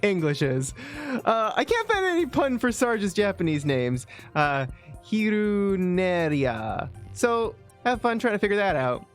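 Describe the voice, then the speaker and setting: Animated streamer reading trivia aloud. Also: mid-range voice, measured pace, faint music behind. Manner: reads trivia and viewer messages aloud, playful. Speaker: live streamer. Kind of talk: casual chat while playing a game.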